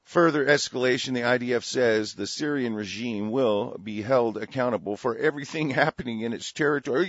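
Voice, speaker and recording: A man's voice: mid-range voice, moderate pace, dry recording, highs cut off. A man hosting a commentary show, angrily ranting and swearing, stumbling over words as he reads news aloud. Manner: angry, profane, stumbling ranting. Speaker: host.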